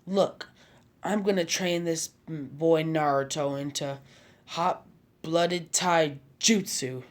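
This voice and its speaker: A man's voice: a little high, slow. A man voicing a pushy, hot-blooded martial arts teacher. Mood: brash. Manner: pushy, bossy. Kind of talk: fan fiction reading with voices.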